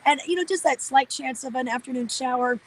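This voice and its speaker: A woman's voice: high-pitched, a little fast, a little hiss or hum, low-quality recording. An upbeat, chatty woman reporting live from outdoors for a local morning show, with frequent filler "uh"s. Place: outdoors at a park.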